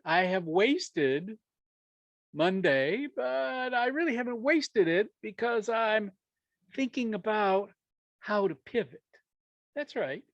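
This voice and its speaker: Animated male storyteller, lively pitch. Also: dry recording, muffled recording. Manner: animated storyteller who acts out dialogue and chuckles often. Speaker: speaker sharing a business story. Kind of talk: storytelling talk to an audience.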